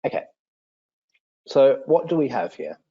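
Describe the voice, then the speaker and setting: A man teaching, demonstrating software for a lesson in an explanatory, enthusiastic way. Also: a little slow, slightly rough, highs cut off. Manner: explanatory, enthusiastic, with lively pitch swings.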